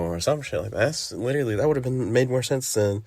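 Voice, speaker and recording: A man's voice: mid-range voice, fast, a little mellow, dry recording. A young man hosting a podcast, giving a blunt, profane movie review with frequent laughter and mocking impressions.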